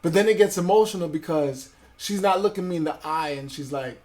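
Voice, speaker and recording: Animated man telling his story. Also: a little high, brisk. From Brooklyn, New York. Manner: animated storyteller, acts out voices of family and police; swears freely, street slang. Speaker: guest. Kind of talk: casual storytelling interview.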